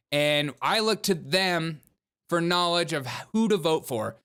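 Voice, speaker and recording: A man's voice: on the high side, expressive, unhurried, a bit bright, clean tone. A man hosting a political commentary show, talking sarcastically over clips with mocking, laughing asides.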